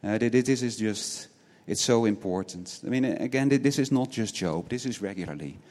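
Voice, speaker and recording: A man with a fairly low voice preaches an earnest sermon, firing off rhetorical questions and tagging points with "right?". He often repeats words as he restarts a thought. His voice carries a long reverb, as in a church hall. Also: animated, normal speed, darkish tone.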